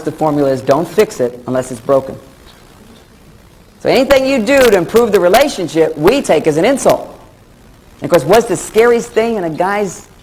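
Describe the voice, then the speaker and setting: A middle-aged man gives a comic relationship lecture to a live audience, jokey and animated, telling stories and acting out snippets of dialogue. His voice sits high. The low-quality recording is from an old VHS tape with faint background noise.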